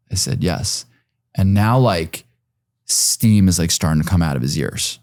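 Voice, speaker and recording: A man's voice: low voice, slow, pauses often, darkish tone, no echo, clean studio sound. A man in his forties, a podcast guest, telling a personal story in a rambling, casual way, full of fillers and some swearing.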